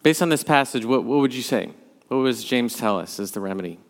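A man's voice: mid-range voice, animated, brisk. A man leading a Bible study class, talking through the passage conversationally and thinking aloud as he goes. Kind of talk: leading a church class discussion. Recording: long hall reverb.

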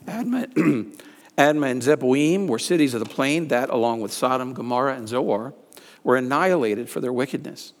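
A man's voice: medium pitch, animated, normal speed. Man preaching in a reverberant hall. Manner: reads scripture with rising emphasis. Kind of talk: sermon with scripture reading.

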